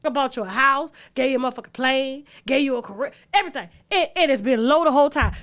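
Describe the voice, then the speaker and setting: A woman's voice: high-pitched, fast, hardly any pauses, fairly bright tone, dry recording. A woman hosting a gossip commentary show, ranting in a brash, profane, rhetorical way. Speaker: host.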